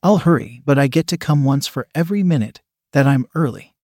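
A pleading young woman, stammering and breathless, her voice lifted higher than the reader's own, performed by a man. The sound is close and dry, with no room around it. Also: fairly quick, a little mellow, no echo, close to an everyday voice. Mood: flustered.

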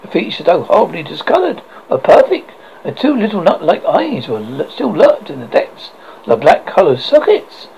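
A man's voice: high voice, wildly swooping pitch, moderate pace, gravelly, darkish tone, muffled recording, a little hiss or hum. A man narrating a classic horror story with dramatic delivery, often stumbling and restarting words.

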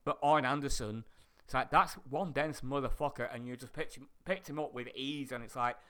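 A man's voice: medium pitch, fairly even intonation, a little fast, sharp tone. A man co-hosting a podcast, speaking in casual chat, blunt and incredulous, swearing freely. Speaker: podcast co-host.

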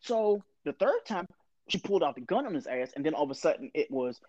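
A man's voice: on the high side, sing-song, brisk, a little mellow, no room sound. Man, thirties, candid and profane, storytelling, dry close sound, slightly dull recording. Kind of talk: casual conversation.

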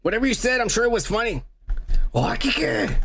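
A man's voice: very high-pitched, sing-song, fairly quick, a bit bright, slight background noise. A man from Mexico co-hosting a podcast, bickering and telling stories in casual profane banter. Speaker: podcast co-host.

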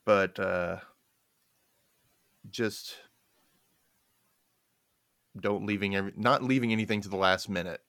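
A man's voice: on the low side, unhurried, vocal fry, long pauses, no room sound. A man telling family stories in a casual conversation, laughing often and acting out the people he quotes. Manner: animated storyteller, laughs often, acts out quoted voices. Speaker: guest.

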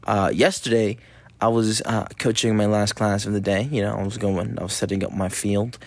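A man's voice: lowish voice, level tone, normal speed, no echo. A young man, a youth soccer coach, chatting casually into a mic, rambling, swearing freely and acting out what people said. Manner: loose and rambling, swears a lot, acts out quotes. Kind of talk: casual solo chat on a mic. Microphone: talking into a mic.

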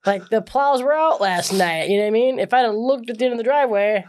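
A woman's voice: fairly high pitch, fast, darkish tone, a little hiss or hum. A woman in casual chat, profane and laughing as she acts out her own frustrated self-talk.

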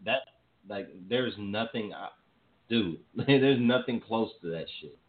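A man co-hosting a loose radio chat, slangy and emphatic as he argues his point. His voice sits on the low side and sounds narrow and tinny, like a phone line. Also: animated, measured pace. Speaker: podcast co-host.

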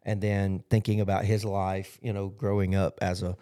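In a casual podcast recap of his sermon, this male pastor speaks in a low, level voice at a moderate pace. His tone is dark, clear and resonant, and he wanders through his points with frequent "you know" fillers.

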